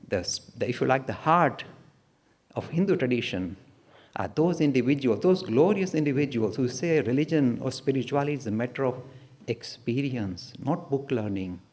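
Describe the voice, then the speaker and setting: A man's voice: a little high, a little mellow. A man giving an emphatic public lecture, often slipping into playful acted-out voices as he makes his points. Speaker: lecturer on religion.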